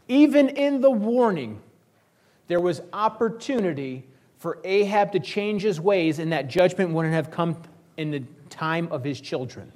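Guy preaching a chatty sermon, kinda high voice, jokes around and tells it like a story. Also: unhurried. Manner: conversational, joking, lively storytelling. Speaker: pastor.

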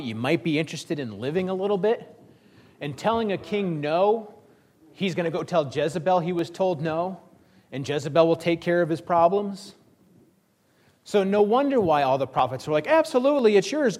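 A man's voice: fairly high pitch, a little mellow. A man preaching a sermon, retelling a scripture story with wry sarcasm and acting out the characters' lines.

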